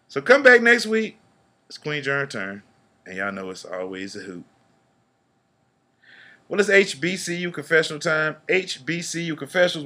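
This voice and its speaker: Man, podcast co-host, bright forceful voice, loose and profane delivery. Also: mid-range voice. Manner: loose and profane, reading lyrics aloud in a flat drawl. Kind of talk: casual podcast chat.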